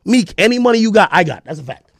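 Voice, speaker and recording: A man with a podcast delivering an aggressive, profane callout, taunting and often shouting. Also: sits high, big pitch swings, quick pace, creaky, no room sound, studio quality. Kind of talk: heated callout rant to camera.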